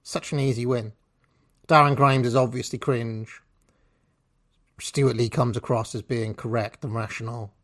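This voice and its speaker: A man's voice: medium pitch, steady tone, moderate pace, pauses often, fairly bright tone. A man giving casual, sardonic video commentary with swearing and chatty asides, recorded on a cheap microphone. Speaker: YouTube commentator. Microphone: cheap microphone instead of his usual one.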